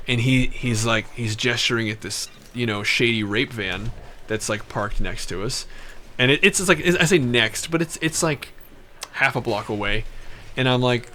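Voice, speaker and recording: Bright-voiced man telling a wild story. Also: medium pitch, normal speed, slight background noise. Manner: animated, profane, rambling with many restarts. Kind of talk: casual anecdote storytelling.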